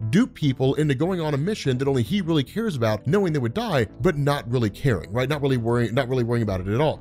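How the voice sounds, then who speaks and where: A man casually recapping a story, chatty and animated, tagging his sentences with quick questions and acting out characters' lines. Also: on the high side. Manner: chatty, keeps tagging "right?", acts out quotes. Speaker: comic recap commentator.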